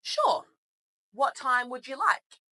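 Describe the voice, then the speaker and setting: A bright, sing-song female receptionist, courteous and upbeat, her voice pitched well up. A woman acts her out in a spoken lesson dialogue. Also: expressive, slow pace, exaggerated voice. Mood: cheerful. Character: polite, cheerful female receptionist taking bookings. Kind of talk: acted example dialogue in a lesson.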